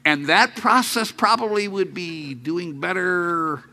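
A man preaching an energetic sermon, joking with the congregation and breaking into shouted rallying calls. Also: sits high, slow pace.

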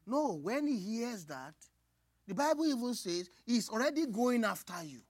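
A woman preaching a sermon, moving from hushed asides to loud, cried-out lines. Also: a little high, moderate pace, breathy edge, no echo. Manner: expressive, swings from hushed asides to loud cries.

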